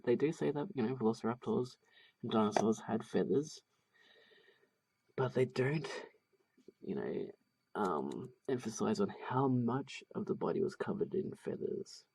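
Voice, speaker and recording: A man's voice: on the low side, gravelly, dark tone, breathy edge. A man narrating a drawing tutorial casually, thinking aloud with many fillers and restarts. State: has the hiccups.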